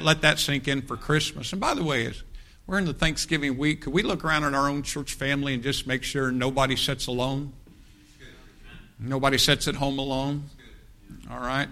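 A man's voice: medium pitch, sharp tone. A man preaching a folksy, joking sermon to his church. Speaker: pastor. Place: church sanctuary. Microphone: church microphone.

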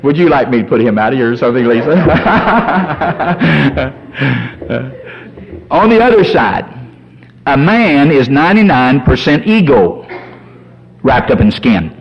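A man preaching a sermon as a pastor, folksy and animated, telling humorous stories. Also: medium pitch, normal speed. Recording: dull lo-fi sermon recording.

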